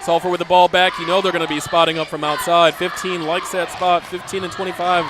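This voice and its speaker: Man, basketball play-by-play, excited calls, slightly high voice, gym noise behind. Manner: excited calls, quick chatty asides. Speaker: play-by-play announcer. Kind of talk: high school basketball commentary. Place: school gym broadcast booth. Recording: noisy gym ambience behind.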